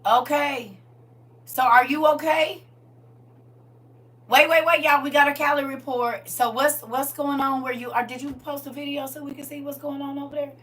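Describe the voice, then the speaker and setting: A woman hosting a casual livestream chat with her viewers, swinging from soft murmurs to loud, excited exclamations. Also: high voice, moderate pace. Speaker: livestream host. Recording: distant mic with faint background hum.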